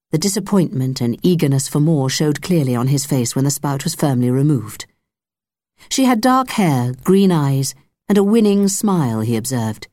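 A woman narrating an audiobook in a measured, even storytelling manner on a close studio mic. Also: sits low, no echo. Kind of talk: scripted narration.

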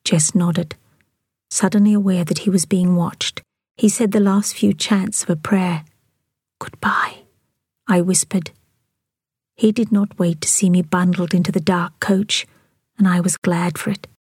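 A woman narrates a novel in a soft, steady whisper. Her voice is very breathy and slightly low. The recording is close and dry. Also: moderate pace, dry recording. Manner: soft, even whispered reading. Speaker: author and audiobook reader.

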